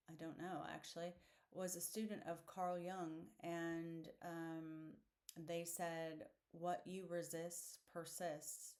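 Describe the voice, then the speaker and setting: Woman musing on her podcast, slow talker, lots of ums, kinda low voice, earnest. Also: darkish tone. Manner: unhurried, thoughtful, many fillers; earnest, candid. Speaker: podcast host. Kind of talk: solo reflective monologue.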